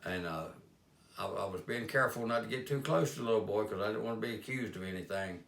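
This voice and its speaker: A man's voice: on the low side, fast, creaky, fairly bright tone. A man telling homespun stories about kindness in a plain-spoken, rambling way. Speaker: life-lessons speaker. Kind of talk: folksy storytelling monologue. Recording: roomy echo.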